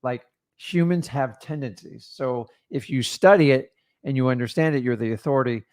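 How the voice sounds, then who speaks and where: A man's voice: medium pitch, normal speed, a little mellow. A middle-aged man with an ordinary, mid-range voice gives earnest advice. He talks straight to viewers in a casual coaching tone. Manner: earnest, advice-giving, addresses viewers as guys. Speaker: co-host, real estate investor.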